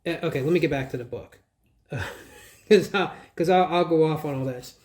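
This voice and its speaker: A man's voice: fairly high pitch, brisk, a little mellow. A man hosting his own channel, reviewing a book in casual, rambling commentary, scoffing at ideas and spelling words out letter by letter. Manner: digressive, restarts and trails off.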